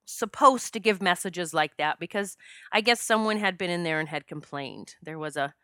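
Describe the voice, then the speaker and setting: A woman's voice: on the low side, normal speed, sharp tone, dry recording, studio quality. A woman hosting a podcast, telling a personal spiritual story and getting choked up as she talks. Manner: emotional, gets choked up. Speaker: podcast host.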